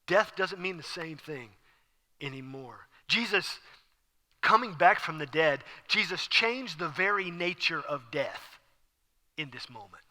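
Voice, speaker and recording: A man preaching an animated sermon as pastor, acting out scenes with sudden whispers and exclamations. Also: a little high, unhurried. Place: church sanctuary. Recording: church hall with long reverb.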